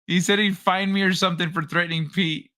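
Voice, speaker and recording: A man's voice: high-pitched, fairly even intonation, a little fast, bright, forceful tone. A man hosting a casual late-night livestream, telling stories with lots of swearing and laughter. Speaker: livestream host.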